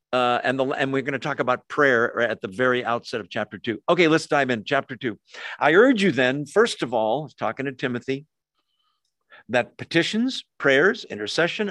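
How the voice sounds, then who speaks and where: A man's voice: mid-range voice, no echo. Conversational male pastor, dry sound. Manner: informal, asks questions, acts out quoted prayers. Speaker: pastor teaching a Bible study. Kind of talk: conversational sermon teaching.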